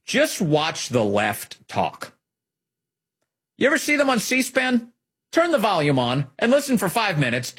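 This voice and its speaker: A man's voice: high-pitched, a bit bright, breathy edge. A man hosting an opinionated political commentary show, speaking emphatically and repeating key phrases for effect.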